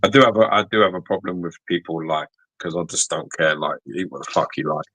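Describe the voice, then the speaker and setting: A man's voice: deep voice, fast talker, sharp tone, husky, no room sound, low-quality recording. A man co-hosting a podcast in casual chat, swearing constantly and teasing his co-host.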